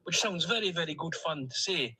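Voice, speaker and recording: A man's voice: on the high side, expressive, brisk, sharp tone, husky, heavily acted, poor audio. A man voicing a chatty plastic male duck with a Stornoway accent, who tells long, jolly, rambling stories in a comic voice-note monologue. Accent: Scottish, Stornoway.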